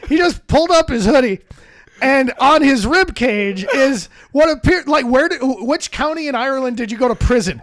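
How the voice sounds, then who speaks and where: A man's voice: very high-pitched, expressive, normal speed, a bit bright, a little hiss or hum. A man who is a stand-up comedian, talking as a podcast guest in a rambling, profane, self-mocking way. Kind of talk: casual chat. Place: podcast studio.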